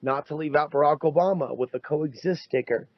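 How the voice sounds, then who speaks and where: A man's voice: fairly high pitch, brisk, no room sound. A man co-hosting a podcast in casual chat, talking animatedly and slipping into mocking quoted voices. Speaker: podcast co-host. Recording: dull, dry lo-fi podcast audio.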